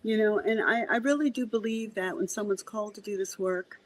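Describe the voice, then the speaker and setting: A woman speaking as a guest on an interview show. She talks at a middle pitch and tells stories in a lively way. She acts out both sides of the conversations she describes and often repeats a word as she gets going. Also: brisk, a little hiss or hum, low-quality recording. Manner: animated, acts out dialogue in quotes; repeats words when starting sentences. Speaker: medium, podcast guest. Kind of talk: conversational storytelling.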